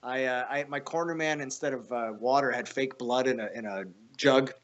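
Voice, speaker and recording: A man's voice: mid-range voice, moderate pace, muffled recording. Chatty man telling a wild story. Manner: animated, swearing, frequent restarts. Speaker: podcast guest. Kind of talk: casual storytelling.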